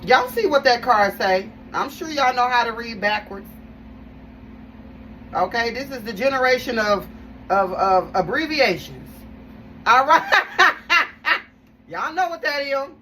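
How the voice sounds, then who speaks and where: A woman's voice: on the high side, animated, slow pace, pauses often, bright, forceful tone. Chatty woman reading tarot, slightly distant mic. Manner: chatty, emphatic, repeats phrases, talks straight to viewers. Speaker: tarot reader. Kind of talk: casual live tarot reading to viewers. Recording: voice a bit far from the mic, faint background noise.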